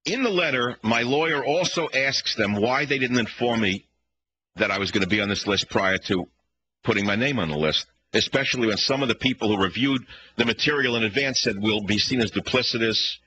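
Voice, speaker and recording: A man's voice: medium pitch, fairly quick, bright, forceful tone, slight background noise, low-quality recording. A man with a Bronx New York accent hosting a talk radio show, ranting combatively and firing off rhetorical questions.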